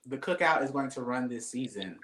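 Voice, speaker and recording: A co-host chatting casually, quick to joke and laugh, leaning hard on points. The voice has a mid pitch and carries plenty of room echo. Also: lively intonation, a bit bright. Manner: joking, laughs often, emphatic. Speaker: podcast co-host. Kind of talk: casual reality-TV chat.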